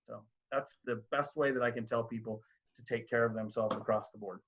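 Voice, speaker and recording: A man's voice: medium pitch, steady tone, fairly quick, a bit bright. A man on a video-call panel, explaining practical steps in an instructive way. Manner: instructive, walks through steps one by one. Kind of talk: panel webinar advice. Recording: dull lo-fi video-call audio.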